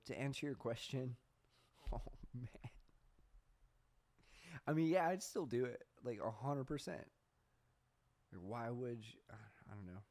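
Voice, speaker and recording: A man's voice: on the low side, a little mellow. A young man hosting a podcast, telling stories in a rambling casual way, swearing often and laughing at himself. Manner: reads search results aloud. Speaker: podcast host. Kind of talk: casual storytelling chat.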